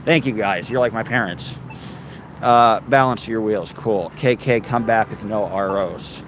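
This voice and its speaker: His voice sits on the low side with a fairly bright tone, and he keeps a measured pace. As host of a casual livestream, he reads comments and makes crude jokes that play at being threatening, all against a noisy outdoor backdrop.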